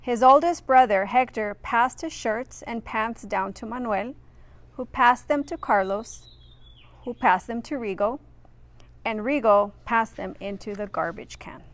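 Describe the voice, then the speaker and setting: A woman's voice: on the high side, a little slow. A woman reading a children's picture book aloud expressively, adding friendly asides for her listeners. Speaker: reader.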